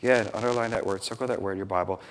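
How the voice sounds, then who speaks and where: A man's voice: on the low side, racing. A man preaching a sermon, acting out scenes and quoting voices as he teaches from scripture. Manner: animated, acts out biblical scenes with quoted voices. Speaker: pastor.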